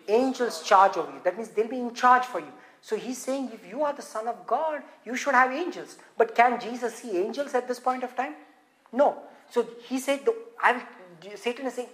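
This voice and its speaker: Animated woman preaching in an echoey room. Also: on the high side. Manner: animated, rhetorical questions, swings from loud to hushed. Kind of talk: sermon.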